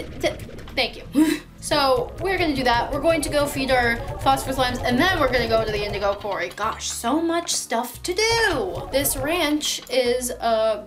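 A young woman giving casual let's-play commentary, chatty and playful, joking at herself and talking to the creatures on screen. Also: on the high side. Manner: chatty, playful, self-mocking, talks to the game creatures. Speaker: gaming YouTuber. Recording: game music playing behind the voice.

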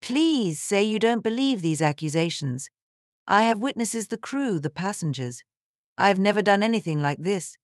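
A woman's voice: mid-range voice, lively intonation, moderate pace, dry recording, studio quality, close to an everyday voice. A woman voicing a young flight attendant who sounds earnest and pleading. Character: young female flight attendant, anxious but firm.

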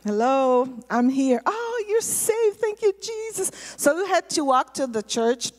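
A woman pastor telling a testimony in a sermon, storytelling in a lively way and repeating words for emphasis. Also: on the high side. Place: church sanctuary. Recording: long hall reverb in a church.

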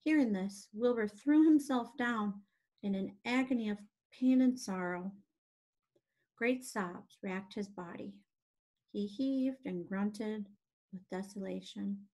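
A woman gently and expressively reading a children's book aloud as narrator. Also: medium pitch, takes it slowly.

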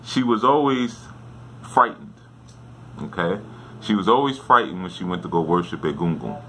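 Deep-voiced man telling a story casually. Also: normal speed, sharp tone, a little hiss or hum. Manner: conversational, often checks in with "right?". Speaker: spiritual teacher.

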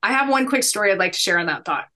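A woman in her thirties speaks as a podcast guest, with a bright, ringing tone. She tells her stories earnestly and with emphasis, in a motivational way. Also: mid-range voice, expressive, rapid-fire. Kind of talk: conversational storytelling.

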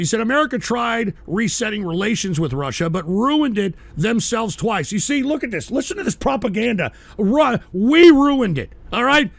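Angry radio host, high gravelly voice, profane shouting rant. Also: male voice, dry recording. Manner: angry, loud, swearing, shouting at viewers. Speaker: talk radio host reading paid chat messages.

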